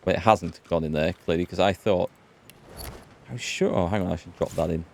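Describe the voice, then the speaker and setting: A man's voice: deep voice, a little fast, gravelly, slight background noise. An English man rambling through casual let's play commentary as a gaming host. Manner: rambling, chatty, restarts often. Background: faint game music.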